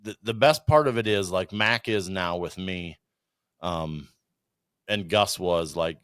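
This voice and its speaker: A man's voice: sits low, slow pace, clear, resonant tone, no room sound, studio quality. A man, a podcast guest, telling bird-hunting stories in casual chat, swearing freely and acting out what people and dogs said. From Iowa. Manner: animated storyteller, swears freely, acts out quotes.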